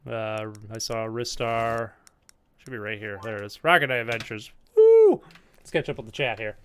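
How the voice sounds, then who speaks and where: Animated man chatting on a game stream. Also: fairly low pitch, normal speed, clear, resonant tone. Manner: rambling and animated, frequent "like" fillers, laughs often. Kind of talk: casual live-stream chat while playing. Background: faint game music.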